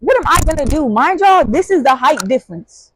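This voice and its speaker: Animated young woman telling a story. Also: fairly quick, slight background noise, low-quality recording. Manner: animated, swings into high-pitched shouts when reenacting; casual slangy talk with many fillers. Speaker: vlogger. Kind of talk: casual storytime.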